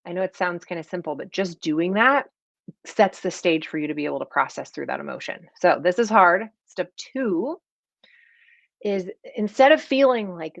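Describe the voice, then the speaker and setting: A woman, a performance coach talking casually to an online audience in a chatty, animated way that slips into acted-out quoted voices. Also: on the low side, normal speed, gravelly, no room sound. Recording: dry, slightly dull lo-fi sound.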